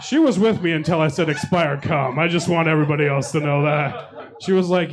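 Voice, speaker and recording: Profane stand-up comic, crowd work. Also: male voice, a little high, a little fast. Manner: profane, self-deprecating storytelling with crowd work. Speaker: stand-up comedian. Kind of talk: stand-up comedy set. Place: comedy showcase venue with live audience.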